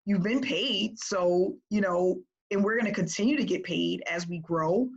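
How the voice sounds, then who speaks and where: A woman business coach talking to her group in a casual, energetic way, often checking in with "right?". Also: fairly low pitch, a little slow, husky, muffled recording.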